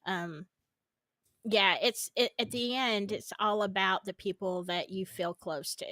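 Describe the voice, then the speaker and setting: A woman's voice: medium pitch, steady tone, unhurried, fairly bright tone, no echo. A woman who works as a nurse, co-hosting a casual podcast chat in a playful manner. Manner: playful, laughs often.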